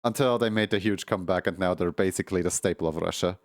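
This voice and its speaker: A man's voice: deep voice, fast, dry recording, clean studio sound. A man streaming, telling a long rambling story in casual chat, full of fillers, restarts and laughs at his own jokes.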